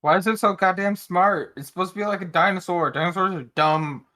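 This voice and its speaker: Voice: mid-range voice, a little fast, pushed and bright. A player in a tabletop game who keeps cracking jokes. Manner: jokey, wisecracking.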